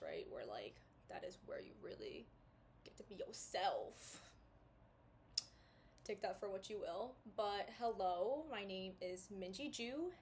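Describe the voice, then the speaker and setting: A woman's voice: medium pitch, slight background noise. A woman in her twenties hosting a podcast from her bedroom, chatting casually with lots of fillers and side tangents on a small mic. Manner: chatty, rambling, full of fillers and asides. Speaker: podcast host. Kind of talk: casual talking-to-camera chat. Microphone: small clip-on mic.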